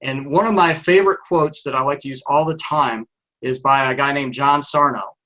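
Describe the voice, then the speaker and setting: A man with a Texas accent speaks as an interview guest in a bright, forceful voice. He answers thoughtfully and at a measured pace. His sound comes through dull and muffled, like remote call audio. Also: medium pitch. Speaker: guest, life coach. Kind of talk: interview conversation.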